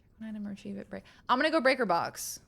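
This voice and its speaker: A woman's voice: mid-range voice, animated, very fast, creaky, fairly bright tone. A young adult woman streaming a game, chatting casually with viewers, thinking aloud, laughing often and swearing now and then. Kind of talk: casual live-stream chat while gaming.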